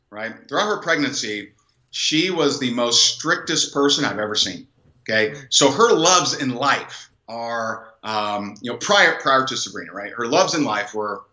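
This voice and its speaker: A man telling a personal story as an interview guest, animated and rambling, with many fillers and restarts. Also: medium pitch. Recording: dull, echoey room sound.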